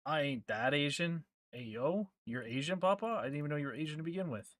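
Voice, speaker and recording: A man's voice: fairly high pitch, fast, a bit bright, no echo. A man streaming a game, chatting casually and trading crude, joking banter with his chat.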